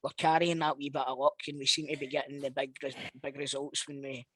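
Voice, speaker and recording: A man's voice: mid-range voice, quick pace, breathy edge. A Scottish man co-hosting a podcast, telling anecdotes in casual, sweary chat. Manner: animated anecdote teller, sweary. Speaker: podcast co-host.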